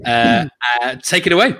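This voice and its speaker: A man's voice: on the high side, a bit bright, slightly rough. A man hosting a casual online quiz, chatty and laughing often. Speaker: quiz host.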